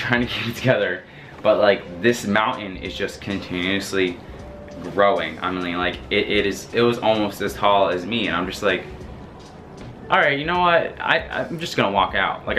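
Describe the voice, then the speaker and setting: A young man telling a story in a casual, animated way, laughing often and swearing freely. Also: fairly low pitch, a little fast, soft background music. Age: young adult. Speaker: vlogger.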